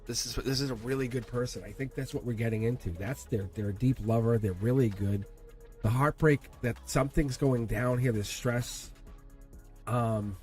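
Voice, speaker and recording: A man giving a livestream tarot reading, rambling and playful, chuckling often and talking straight to his chat. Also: medium pitch. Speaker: tarot reader.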